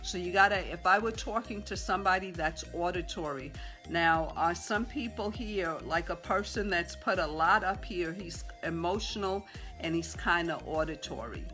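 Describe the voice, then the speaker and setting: A woman teaching a sales training session to a group, talking fast with lots of fillers and acting out conversations with sellers. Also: on the low side, bright, forceful tone, faint music behind. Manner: talks fast, role-plays seller dialogue, many fillers. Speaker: real estate sales trainer. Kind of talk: live training talk to a room.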